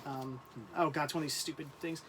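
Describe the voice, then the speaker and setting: A man hosting a casual livestream, talking in halting, rambling bursts and laughing often. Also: fairly high pitch, steady tone, fairly bright tone, slight background noise. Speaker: livestream host.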